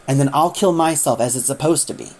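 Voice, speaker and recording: Young scullery maid, desperate, low voice; a woman reads her. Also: quick pace, a little mellow.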